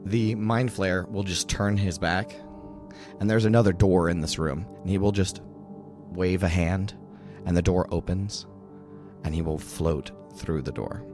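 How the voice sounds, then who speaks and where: A man narrating a tabletop role-playing game as dungeon master, describing scenes in a lively way. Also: low voice, a little slow, over music.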